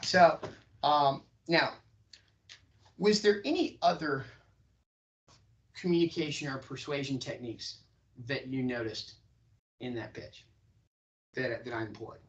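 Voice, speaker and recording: A man teaching a sales class, stretching his pitch high and low to show how inflection works. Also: unhurried, long pauses, distant mic, dull audio. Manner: animated, swings pitch up and down for demonstration. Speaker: sales trainer. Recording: voice from across a room.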